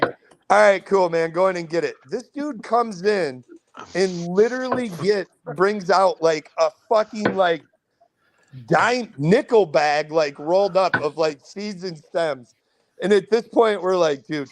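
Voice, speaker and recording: A fairly high-voiced man with a Midwestern American accent spins a rowdy story for his podcast buddies. He swears freely and acts out every character's lines, jumping his voice up and down as he goes. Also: measured pace. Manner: animated, profane, acts out quotes with big pitch jumps. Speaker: podcast host telling a story. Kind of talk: casual storytelling among friends.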